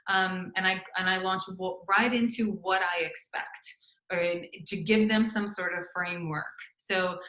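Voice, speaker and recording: A middle-aged woman physician with a bright, clear tone gives loose, chatty instruction to other doctors on building their practices, stumbling over fillers and restarts and acting out sample phone lines as she'd say them. She speaks at a moderate pace in a mid-range voice. The recording is rough, made in a noticeably echoey room.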